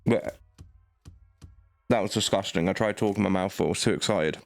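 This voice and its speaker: Cocky man, low voice. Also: moderate pace, vocal fry, dry recording. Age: late 20s. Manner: cocky, trash-talking the opponent. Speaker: card game streamer. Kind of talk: gameplay commentary.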